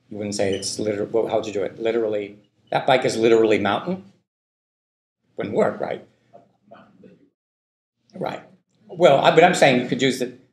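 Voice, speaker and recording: Guy lecturing linguistics in a big echoey hall, gravelly voice, lots of um and "right?". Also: on the low side. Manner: loose, thinking aloud, many fillers and "right?" checks. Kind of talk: classroom lecture.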